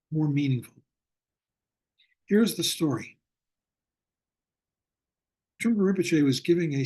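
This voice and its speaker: An older man teaching a Buddhist class over a video call, speaking in a reflective way and slowing down to stress his points. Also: on the high side, mellow, husky. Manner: reflective, slows down for emphasis. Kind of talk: online lecture with storytelling.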